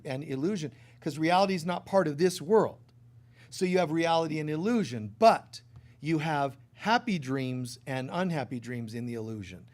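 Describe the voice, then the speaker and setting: Spiritual teacher, middle-aged man; a somewhat high voice, storytelling sermon delivery with playful asides and big swings in volume.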